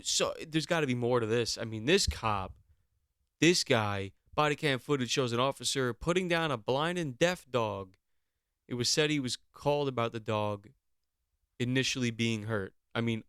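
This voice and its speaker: A man's voice: mid-range voice, clear, resonant tone, no echo, clean studio sound. A young man hosting a solo podcast, talking in a rambling, sarcastic and profane way. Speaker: podcast host.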